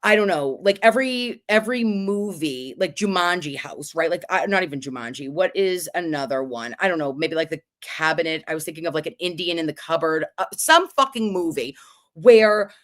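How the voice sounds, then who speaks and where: A woman tells a story on her livestream, loose and foul-mouthed. Her pitch swoops up and down as she gets carried along, and she fires off quick asides between the beats. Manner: animated, profane, quick asides and laughter. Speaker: livestream host. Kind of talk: casual storytelling chat.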